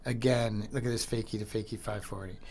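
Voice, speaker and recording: Excitable slangy man narrating skate clips. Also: fairly low pitch, a little fast, breathy edge. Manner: excitable, slangy, swears, mimics people. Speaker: podcast host. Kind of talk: casual commentary over old skate footage.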